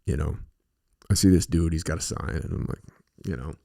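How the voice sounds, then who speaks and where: A man's voice: rumbling low, brisk, gravelly, warm tone. A middle-aged man hosting a podcast, telling stories in a rambling, profane, casual way with lots of fillers. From western United States. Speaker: podcast host. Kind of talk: casual monologue.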